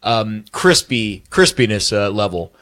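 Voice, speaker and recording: A man's voice: on the low side, big pitch swings, unhurried, fairly bright tone. A man co-hosting sports talk, rambling with fillers and playful comparisons. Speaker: sports show co-host.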